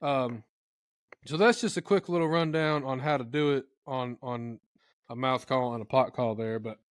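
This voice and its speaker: In clean studio sound with no echo, a man with a medium-pitched voice speaks at normal speed as a guest expert on turkey calling. He's animated and casual in this how-to talk, now and then imitating turkeys in comical voices.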